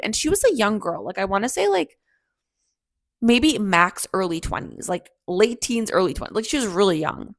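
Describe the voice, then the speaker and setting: Woman telling a story, slight vocal fry. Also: mid-range voice, animated, normal speed, no echo. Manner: reflective, chatty, acts out quoted people. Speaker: podcast host. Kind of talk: personal storytelling monologue.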